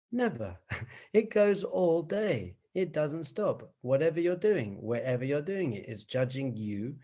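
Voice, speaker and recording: A rabbi teaches meditation in a lively, conversational manner, frequently chuckling and putting rhetorical questions to his listeners. His voice is medium-pitched, and the sound is lo-fi.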